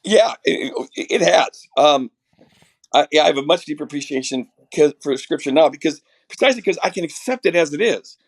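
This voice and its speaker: A middle-aged man with a raspy voice from a chest cold, earnestly explaining theology as a podcast guest, restarting his sentences often. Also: a little high, animated, brisk. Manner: earnest, builds ideas with many restarts.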